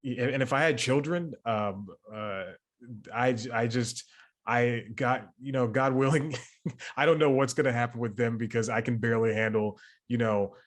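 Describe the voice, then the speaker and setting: A man's voice: medium pitch, fairly even intonation, normal speed. Rambling man interviewer. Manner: rambling, hesitant with restarts. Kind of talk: casual interview chat.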